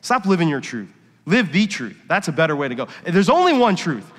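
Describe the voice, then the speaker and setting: A middle-aged man gives a sermon in a church, and his fairly high voice rings out into a long hall reverb. He tells personal stories in a hushed, confessional tone and then rises to emphatic, preacherly points. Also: big pitch swings, a little fast. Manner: confessional storytelling, swings from quiet to emphatic. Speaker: worship pastor. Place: church sanctuary.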